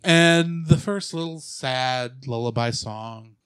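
A man co-hosting a casual movie podcast, retelling the plot with jokes and quick asides. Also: mid-range voice, a bit bright, clean tone, no room sound. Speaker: podcast co-host. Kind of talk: casual movie recap chat.

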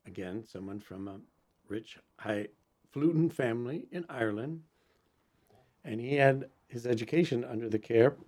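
A man, a priest guest-hosting a Catholic radio talk show, telling saint stories in a halting way with many fillers and restarts. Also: medium pitch, expressive, darkish tone.

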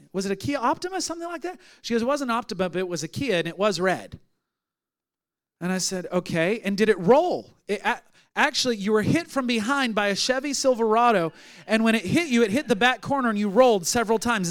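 A pastor preaching a sermon, telling a story with swings from loud, energetic bursts to hushed, intimate retelling. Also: male voice, high-pitched, moderate pace.

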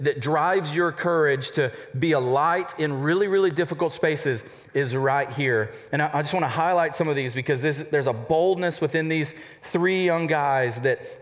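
Man preaching in a reverberant hall. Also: fairly high pitch. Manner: conversational, animated storytelling with acted-out asides. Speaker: college pastor. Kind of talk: sermon.

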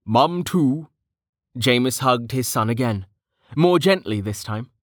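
A man reading a fantasy novel aloud as audiobook narration, in a measured, even manner. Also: mid-range voice, dry recording, clean studio sound.

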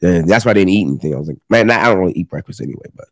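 A man's voice: sits low, animated, very fast, dry recording. A young man, a gym owner, chatting casually as a podcast guest, rambling with lots of fillers and restarts and casual swearing.

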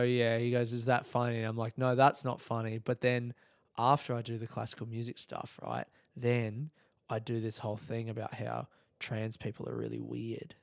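A man's voice: mid-range voice, vocal fry, clean tone, no echo, studio quality. Swearing, rambling male comedian. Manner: swearing, rambling, laughs at his own jokes. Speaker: comedian and podcast host. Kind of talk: solo podcast monologue.

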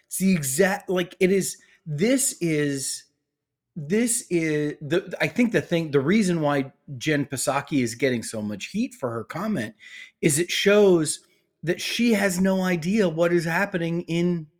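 A man co-hosting a political podcast, speaking earnestly in casual conversation with frequent restarts. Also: fairly high pitch. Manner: halting, restarts often, earnest. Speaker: podcast co-host.

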